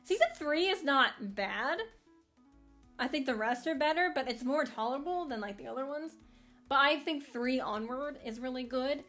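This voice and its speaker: A woman hosting a casual anime fan commentary, rambling in an animated way with frequent laughs and restarts. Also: sits high, moderate pace, faint music behind.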